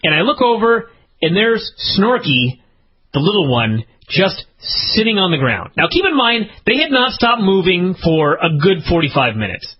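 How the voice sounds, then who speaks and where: A man chats casually as a podcast co-host, telling a story full of swearing. His voice sits high and swings widely, jumping up into outbursts. The husky tone comes through on a dull, lo-fi recording. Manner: animated, profane, quick to jump to high-pitched outbursts.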